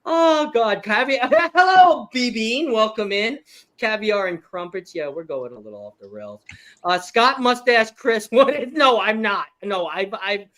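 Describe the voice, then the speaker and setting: Man, game show host, casual live-stream chat, giggly, very lively pitch. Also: a little slow. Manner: giggly, reads viewer chat aloud.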